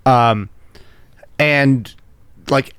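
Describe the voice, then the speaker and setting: A man co-hosting a casual chat, chatty and quick to joke. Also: medium pitch, a bit bright, clear, resonant tone, dry recording, clean studio sound. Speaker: podcast co-host.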